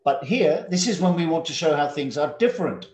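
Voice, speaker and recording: A man teaching English to students over a video call. He is patient, drills words slowly, calls on students by name and drops in Indonesian classroom words. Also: fairly high pitch, expressive, darkish tone, echoey room.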